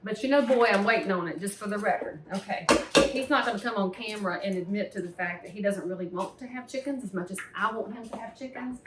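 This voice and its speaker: A woman's voice: medium pitch, fast talker, far from the mic. A woman in her forties with a Southern American accent, hosting a home cooking show in a folksy, opinionated, chatty way. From Southern United States. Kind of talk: casual cooking demonstration. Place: home kitchen. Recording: roomy, mic some way off, faint hiss.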